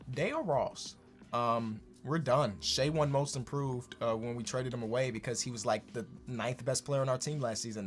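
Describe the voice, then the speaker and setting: A young man and gaming YouTuber giving casual, excitable gameplay commentary that bursts into shouting when he gets thrilled. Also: mid-range voice.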